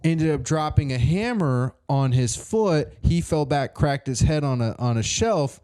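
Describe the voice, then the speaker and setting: A man's voice: a little high, lively intonation, a little slow, dark tone, clear, resonant tone. A man co-hosting a comedy podcast, improvising a silly adventure story in a rambling way with lots of fillers and restarts. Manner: rambling, many restarts and fillers, laughing at his own story. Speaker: podcast co-host.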